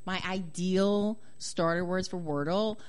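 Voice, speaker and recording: A woman's voice: fairly low pitch, slow pace, darkish tone, smooth. A woman co-hosting a casual chat, full of effusive, exclamatory reactions. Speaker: co-host.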